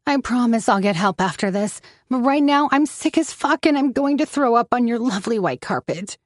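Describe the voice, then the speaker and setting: A woman's voice: fairly high pitch, expressive, normal speed, dry recording, studio quality, voice pushed up, natural voice. A woman voicing a desperate, bitter young woman who craves pills, pleading and accusatory in turn. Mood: begging.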